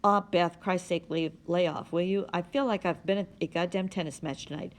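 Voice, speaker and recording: A woman's voice: on the low side, normal speed, lightly acted. A woman reading the lines of a worried, weary middle-aged father in an earnest, pressing way.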